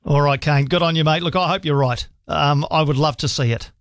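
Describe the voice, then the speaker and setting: A New Zealand man hosts a talkback radio show on a studio microphone, chatty and hesitant, restarting often and trading mate-style banter. His voice is fairly high, a little fast and a bit bright, with no room sound.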